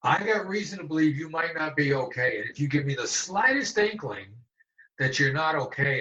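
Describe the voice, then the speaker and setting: A man in his sixties talks emphatically and often repeats phrases for stress. His voice is bright and forceful and sits a little high. The sound is echoey and dull, as if heard over a remote call. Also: lively intonation, normal speed. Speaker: guest, hostage negotiator. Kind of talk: conversational interview.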